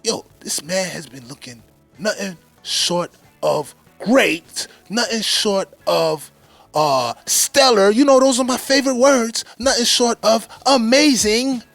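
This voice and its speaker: A man hosting a fan podcast, giving casual basketball commentary in an animated way, repeating phrases for emphasis and speaking straight to his viewers. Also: high-pitched, slow pace, creaky, no echo, faint music behind. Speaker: podcast host.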